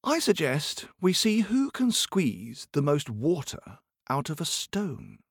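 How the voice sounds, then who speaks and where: A tiny, quick-witted tailor calls out boldly in a raised, cocky voice, as a male storyteller puts him on. His lines leap up and down with lively swings. The sound is close and dry. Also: slightly rough, dry recording, full character voice. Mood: sly. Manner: high, bright and cocky. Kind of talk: storybook character voice.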